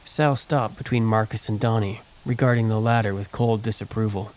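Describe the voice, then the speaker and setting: A man narrating a western novel as an audiobook, steady and measured. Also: lowish voice, poor audio. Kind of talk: scripted narration.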